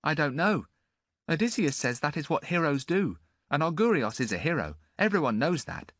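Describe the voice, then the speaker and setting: An eager young boy answers earnestly in a high, lifted voice, as a man puts him on. The sound is dry and close. His speech is plain and honest. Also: very animated, moderate pace, a bit bright, no room sound.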